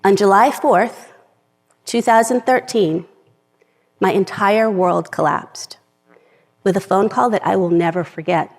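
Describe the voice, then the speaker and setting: A woman's voice: mid-range voice, a little slow, long pauses. Middle-aged woman telling her story on stage, earnest, big hall echo. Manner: earnest, reads from a script, gets emotional at times. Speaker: speaker giving a talk. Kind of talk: personal talk to a live audience. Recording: long reverb of a large hall.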